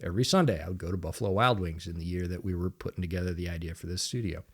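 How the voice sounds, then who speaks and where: A man co-hosting a sports podcast, telling stories in a casual, animated way and laughing often. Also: deep voice, very fast, breathy edge. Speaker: podcast co-host. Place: home studio.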